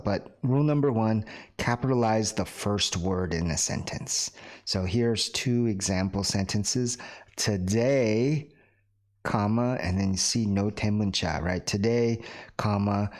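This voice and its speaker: A man teaching an online English class, patient and repetitive, often checking in with "right?" and slipping in Korean words for his students. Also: on the low side. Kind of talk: recorded online class lecture.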